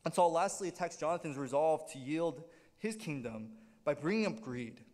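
A male pastor preaching with a high voice that swings widely in pitch, sounding lively and animated. He keeps checking in with the congregation as he goes. The sound carries a long hall reverb. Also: normal speed. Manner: animated preaching with frequent "right?" check-ins. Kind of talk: sermon. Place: church sanctuary.

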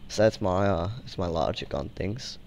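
A young man hosting a casual gaming video, rambling and joking, swinging from mumbles to shouts. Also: low-pitched, moderate pace, noisy background. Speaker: gaming channel host.

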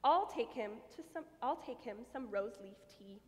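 A woman voicing a kind, fussy young female squirrel in a read-aloud storybook, bright and earnest. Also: fairly high pitch, lively intonation, unhurried. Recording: long church reverb.

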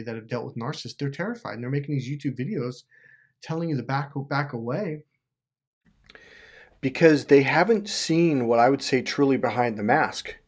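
A man talks straight to his viewers in an emphatic rant, swearing freely and repeating words for force. His voice is husky, with a middling pitch. He sounds casual and unscripted. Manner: profane, emphatic, repeats himself. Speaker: YouTuber.

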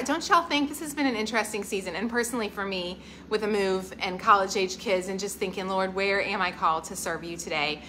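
A woman's voice: on the high side, pushed and bright, a little hiss or hum. A woman, hosting a home channel live stream from her kitchen and gushing thanks to viewers by name. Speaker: lifestyle channel host.

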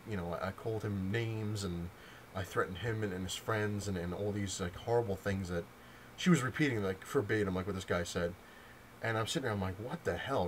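A man's voice: lowish voice, slight background noise, poor audio. A young man in a casual vlog, telling a long story with lots of fillers and restarts. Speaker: vlogger. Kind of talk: casual rant to camera.

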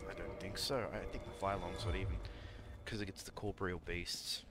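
A man's voice: low voice, steady tone, a little fast, very noisy. A young man streaming live, muttering and scolding himself as he talks to chat over gameplay.

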